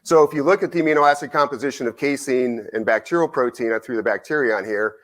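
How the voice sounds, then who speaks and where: A middle-aged man giving a conference lecture. He tells an anecdote in an animated way, acts out both sides of the conversation and often asks "right?". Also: mid-range voice, fast talker. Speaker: nutrition researcher giving a conference talk. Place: lecture hall.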